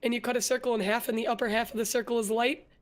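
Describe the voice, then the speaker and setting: A vtuber and artist, this young woman talks very fast in a fairly high voice as a guest in a casual interview. Her storytelling is earnest and laden with fillers, growing livelier as it goes on.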